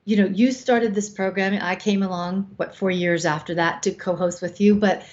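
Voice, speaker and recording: A woman's voice: mid-range voice, fairly even intonation, normal speed, darkish tone. A woman over fifty co-hosting a show, giving frank, coaching advice with casual swearing. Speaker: co-host. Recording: slightly dull lo-fi sound.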